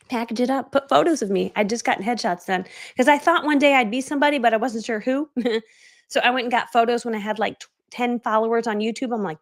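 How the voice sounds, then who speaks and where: Animated storytelling businesswoman. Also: on the high side. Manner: animated, acts out voices in her stories. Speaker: online business coach. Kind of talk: live-stream storytelling.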